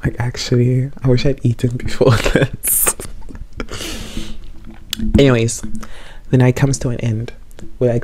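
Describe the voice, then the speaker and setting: A man's voice: medium pitch, little pitch movement, measured pace, long pauses, a little mellow, a little hiss or hum. A young man in a casual storytime chat, a bit tipsy from wine, rambling and repeating himself as he tells the story. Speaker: vlogger.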